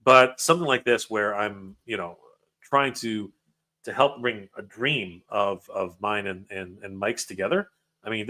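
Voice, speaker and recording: A man's voice: on the low side, pushed and bright. Man hosting a livestream, emotional, stumbles over his words, casual. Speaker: livestream host reading comments.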